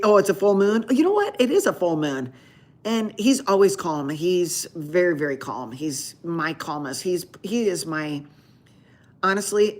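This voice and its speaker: A woman with a low voice hosts a live stream from home. She chats casually with her viewers and rambles through her stories, restarting her sentences often. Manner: rambling storytelling with many restarts. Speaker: doctor hosting a live Q&A stream.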